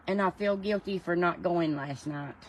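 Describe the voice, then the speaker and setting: A woman's voice: lowish voice, moderate pace, a little hiss or hum. A woman chatting casually on a livestream, answering viewers by name in a folksy way. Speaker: livestream host. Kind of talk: casual livestream chat, reading viewer comments.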